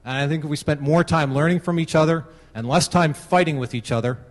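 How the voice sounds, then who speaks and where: A man's voice: a little high, a little fast. Canadian man with a hall reverb. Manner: casual, tells a joke with voiced characters. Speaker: conference attendee giving a short talk. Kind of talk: open-mic talk with a joke. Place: large conference room.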